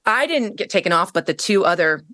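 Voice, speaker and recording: A woman guest on a podcast tells a personal story in an unscripted, chatty way. Her voice sits a bit low, and she jumps higher when she acts out what people said. The sound is dry and close to the mic. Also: a little fast, no echo. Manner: animated storyteller, acts out quoted lines in a raised pitch; frequent fillers and restarts. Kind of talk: casual storytelling interview.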